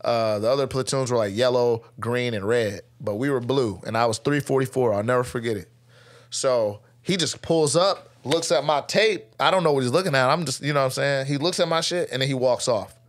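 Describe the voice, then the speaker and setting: A young man, a podcast guest, telling an animated story in a lively way, acting out shouted voices and laughing often, close to a studio mic. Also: medium pitch, fairly quick. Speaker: podcast guest, army veteran.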